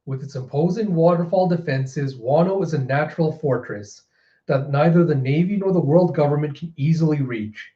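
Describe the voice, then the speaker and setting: A man's voice: a little high, moderate pace, dark tone, close to an everyday voice. A man voicing a menacing male pirate emperor who lays down orders, in a roomy, slightly dull recording. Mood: commanding.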